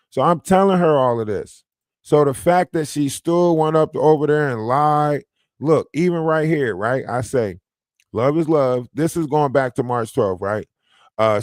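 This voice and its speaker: A livestream host chats casually and reads out messages, insistent in manner and constantly tacking on "right?" His medium-pitched voice comes through clean, like a studio, with no room sound.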